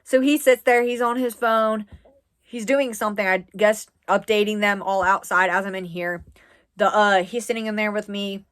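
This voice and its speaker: A woman in her twenties from the US East Coast, telling a personal story to camera in a casual, rambling way, with lots of "like" and quick asides. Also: mid-range voice, steady tone. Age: 20s. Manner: chatty, rambling with frequent "like". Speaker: vlogger.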